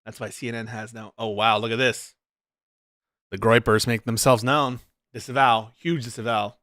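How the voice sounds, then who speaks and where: A man's voice: fairly even intonation, moderate pace, fairly bright tone, no room sound. Sarcastic, swearing male commentator reacting on stream; mid voice, dead dry. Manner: sarcastic, profane ranting; mocks others in shrill put-on voices.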